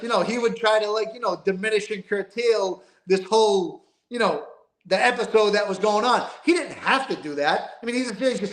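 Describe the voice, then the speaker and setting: An older man from East Boston tells stories as an interview guest in a rambling, emphatic, street-talking style. His voice sits high and fairly bright, a little fast, in an echoey room.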